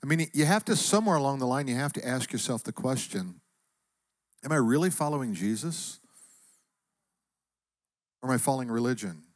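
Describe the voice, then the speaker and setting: A man's voice: mid-range voice, animated, brisk, pauses often. A male pastor preaches in a reflective, questioning way, walking through a Bible passage. His voice sits in a plain middle range. The sound is dry and close, with no room echo. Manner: reflective, asks searching questions. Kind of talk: sermon.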